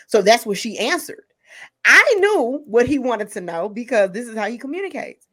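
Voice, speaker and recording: A woman's voice: mid-range voice, normal speed, slightly rough. A woman hosting a podcast, telling stories in casual chat and laughing often as she talks. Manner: laughs often, animated storytelling. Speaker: podcast host.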